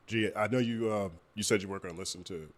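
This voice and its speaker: A man co-hosting a podcast, calm and teasing. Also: fairly low pitch, fast talker. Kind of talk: podcast discussion.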